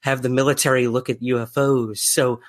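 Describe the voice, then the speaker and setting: A man's voice: medium pitch, little pitch movement, fairly quick. Podcast host guy, mid voice, lots of uh and um, friendly. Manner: friendly, hesitant with many fillers. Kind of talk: podcast interview.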